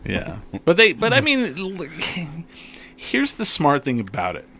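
A man co-hosting a casual chat, animated and profane, telling stories. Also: high voice, a little slow, gravelly, slight background noise. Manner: animated, swears, tells stories. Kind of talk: casual banter.

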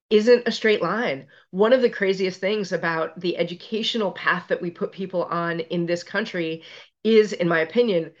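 Lively self-deprecating woman, dull lo-fi sound. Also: on the low side. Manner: animated storyteller, wry and self-deprecating. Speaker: guest, physician and resilience expert. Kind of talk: conversational podcast interview.

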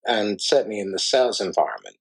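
A man with a low, husky voice interviews a guest. He asks questions with curiosity and enthusiasm. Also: animated, fast, low-quality recording. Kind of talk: casual conversation.

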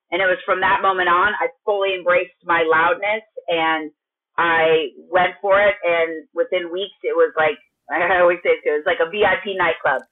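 A woman in her late thirties from Minnesota talks loudly and with energy, restarting her sentences as she tells her story. Her voice comes through a thin, phone-like line. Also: fairly low pitch, normal speed. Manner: loud, energetic, chatty with many restarts. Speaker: guest, gym owner. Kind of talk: storytelling in a podcast interview.

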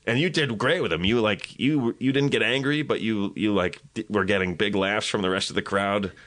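Low-voiced rambling comedian. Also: male voice, normal speed, fairly bright tone. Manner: rambling, self-deprecating storyteller. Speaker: comedian guest. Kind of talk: casual podcast chat.

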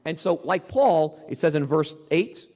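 A man's voice: on the high side, lively intonation, measured pace, a little mellow. A man preaching a sermon as pastor, speaking emphatically, repeating key phrases and putting questions to the congregation. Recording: long hall reverb.

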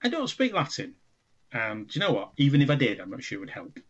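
Husky guy, bouncy voice, dull lo-fi sound, cracking sarcastic jokes. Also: medium pitch, huge pitch swings, quick pace. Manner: sardonic, teasing banter with laughs. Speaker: podcast co-host. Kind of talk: casual chat.

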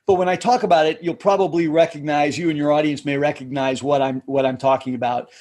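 Husky high-voiced male coach. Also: steady tone, a little mellow. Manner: measured, explanatory, drops pitch to end points. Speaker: communication coach, podcast guest. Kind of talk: interview conversation.

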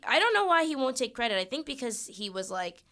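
Podcast lady chatting, bright clear voice, lots of energy. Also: sits high, very animated, fast. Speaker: podcast co-host. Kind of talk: casual chat.

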